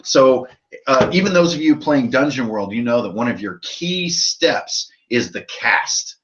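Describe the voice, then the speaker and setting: A man's voice: mid-range voice, lively intonation, unhurried, a bit bright. Tipsy, profane man on a lo-fi stream. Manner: loose, profane and rambling. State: tipsy from drinking. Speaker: host of a tabletop RPG channel. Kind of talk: casual live-stream chat. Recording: dull lo-fi sound.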